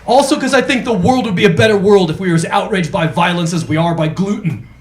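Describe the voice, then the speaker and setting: A man's voice: high-pitched, fast talker. A man performing a stand-up comedy set on a club stage, ranting through punchlines and acting out his friends' voices. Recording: echoey club room with crowd noise.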